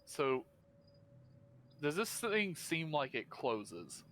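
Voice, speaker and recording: A man's voice: a little high, sing-song, drawn-out words, fairly bright tone. Dry-humored male player. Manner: dry, sweary banter. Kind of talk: casual tabletop play.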